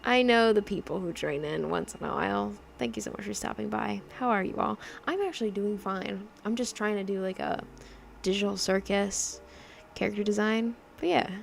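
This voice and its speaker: A woman's voice: medium pitch, moderate pace, creaky, slight background noise. A young woman livestreaming her digital drawing, chatting casually and rambling with lots of fillers and laughs, her accent drifting in a mix of mimicked accents.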